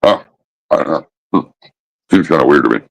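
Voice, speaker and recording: A man ranting casually about smoking habits, swearing constantly and mocking others with drawn-out pauses. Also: a bass voice, lively intonation, creaky, rough recording. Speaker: host. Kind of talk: casual profane rant.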